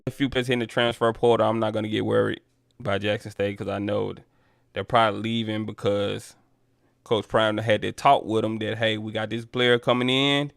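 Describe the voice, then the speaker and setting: A man's voice: fairly low pitch, fairly even intonation, normal speed, vocal fry, fairly bright tone, no room sound, studio quality. A man hosting a casual sports talk stream, talking loosely and calling his viewers y'all. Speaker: sports talk livestream host. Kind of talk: casual chat reading viewer comments.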